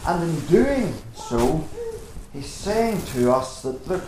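Man, preacher, emphatic sermon delivery, slightly high voice, roomy hall echo. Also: very animated, takes it slowly, dark tone, slight background noise. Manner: earnest, emphatic preaching with rhetorical questions. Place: church.

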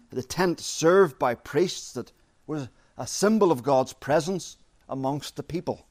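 Man preaching an emphatic, measured sermon. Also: a little high. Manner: measured, emphatic, repeats key phrases. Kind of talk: expository sermon.

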